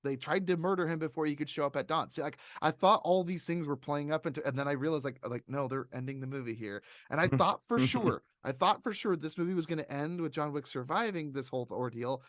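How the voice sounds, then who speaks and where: Animated man rambling about movies. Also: on the high side, fast, few pauses, dry recording, clean studio sound. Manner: animated and rambling, laughs often. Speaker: podcast host. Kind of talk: casual movie review chat.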